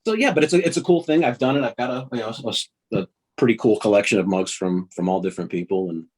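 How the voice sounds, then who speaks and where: Husky-voiced man, halting and self-correcting. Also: lowish voice, a little mellow. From northern United States. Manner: halting, many restarts and laughs. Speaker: voice actor guest. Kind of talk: casual podcast interview.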